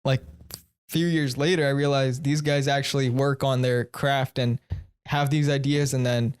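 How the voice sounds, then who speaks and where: A man's voice: medium pitch, little pitch movement, normal speed, clean tone. Laid-back man hosting a casual podcast chat. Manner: loose, profane, chuckles often while telling stories. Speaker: podcast host.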